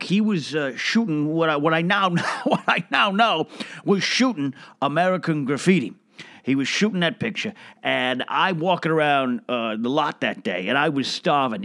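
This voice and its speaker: A man's voice: on the high side, fairly bright tone, dry recording, studio quality. A man playing a boastful, rambling old Hollywood producer who name-drops and restarts his sentences in a comedic monologue. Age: older. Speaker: film producer character.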